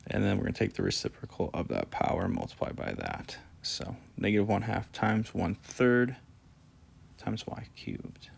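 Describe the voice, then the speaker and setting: A man's voice: fairly low pitch, huge pitch swings, moderate pace, gravelly, slightly rough. A man teaching calculus in a casual way, talking through each step as he writes, sleepy and yawning. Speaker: math teacher. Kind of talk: screen-recorded math lesson.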